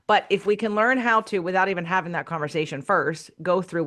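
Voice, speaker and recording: A woman's voice: on the low side, steady tone, fairly quick, fairly bright tone. Frank, blunt woman podcast host. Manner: frank and blunt, with casual swearing; acts out quoted voices. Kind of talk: casual podcast conversation.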